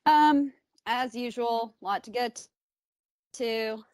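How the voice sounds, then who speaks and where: A woman's voice: on the high side, drawn-out words, a little mellow, no room sound. A woman from Texas with a Texan accent, co-hosting a podcast in brash, joking casual chat. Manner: brash, joking, swears freely. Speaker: podcast co-host.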